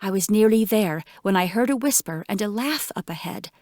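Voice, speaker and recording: A woman's voice: mid-range voice, expressive, normal speed, a little mellow, no echo, studio quality. Woman narrating an audiobook in first person.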